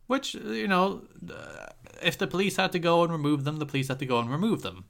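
A man co-hosting a podcast in casual chat, blunt and opinionated, often cutting in with quick retorts. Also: fairly high pitch, creaky, fairly bright tone. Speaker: podcast co-host.

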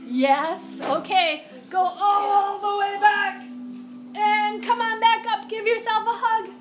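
A woman's voice: extremely high pitch, fairly even intonation, slow. A woman yoga teacher guiding a children's class, playful and encouraging, with sing-song animal cues. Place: classroom or studio with music playing. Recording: echoey room, music behind.

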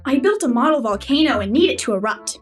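A woman's voice: sits high, animated, quick pace, faint music behind. A woman voicing a small, impatient cartoon boy. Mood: eager. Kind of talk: cartoon voice acting.

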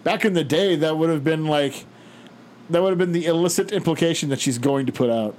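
A man's voice: on the high side, fairly quick, a little mellow, slight background noise. A man co-hosting a casual podcast, chatty and riffing with crude asides. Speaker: podcast co-host. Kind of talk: casual chat.

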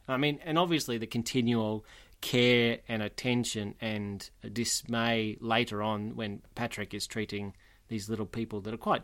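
A man's voice: mid-range voice, dry recording. A man co-hosting a casual book discussion, who laughs often and reads quotes aloud expressively. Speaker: book podcast co-host.

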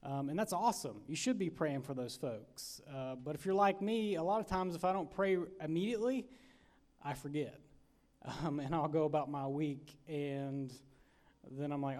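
A man delivers a folksy, chatty sermon from a church, telling stories with lots of fillers. His voice sits a little higher than most men's, and he acts out little asides as he goes. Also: moderate pace, darkish tone. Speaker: pastor. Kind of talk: casual storytelling sermon. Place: church sanctuary.

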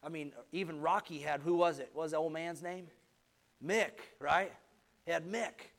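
A man preaching a sermon, energetic and exhorting, asking the congregation for an amen. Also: on the high side, normal speed, vocal fry. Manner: energetic, exhorting, call-and-response asides.

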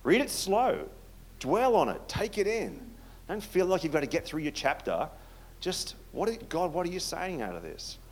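A man preaching a conversational sermon in a chatty, self-deprecating way, often dropping to a soft, hushed tone. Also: a little high, very animated, moderate pace. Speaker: pastor.

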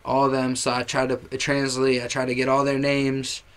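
An excitable young man talks as a podcast guest. He swears freely and spells out names letter by letter, and his pitch sits in an average range. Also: normal speed, clean tone. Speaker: guest musician. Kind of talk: casual podcast chat.

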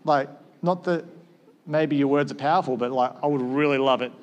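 A man's voice: mid-range voice, brisk, dull audio. A man, a pastor with school-age kids, preaching a sermon in a conversational way and acting out short exchanges.

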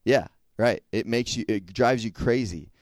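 A man's voice: mid-range voice, measured pace, no echo. A young man giving a casual sermon to a group, talking conversationally and checking in with frequent questions. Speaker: youth speaker.

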